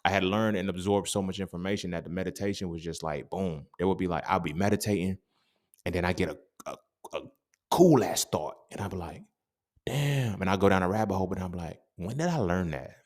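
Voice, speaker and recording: A deep-voiced young man holds forth on his podcast in a loose, unscripted monologue. His talk is animated and streetwise, heavy with slang and profanity. He sounds like he's explaining something he lived through to a friend. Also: fast. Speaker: podcast host. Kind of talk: casual monologue.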